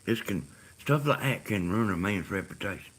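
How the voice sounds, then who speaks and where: A man's voice: on the low side, animated, normal speed, a bit bright, slight background noise. A middle-aged man with a Georgia Southern accent talking casually and rambling on a live stream. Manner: meandering, full of "you know" and "like".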